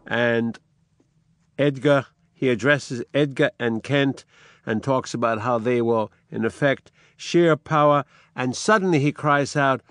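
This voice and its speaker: An older man giving a literature lecture, speaking slowly and deliberately and rising into impassioned recitations of verse. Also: mid-range voice, fairly bright tone, no echo, clean studio sound. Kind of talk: literature lecture with dramatic readings.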